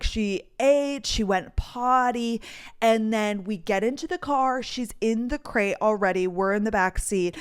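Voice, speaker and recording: A woman's voice: medium pitch, clean tone. A young woman in her twenties hosting a podcast, telling a story in a casual, chatty way with many fillers. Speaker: podcast host.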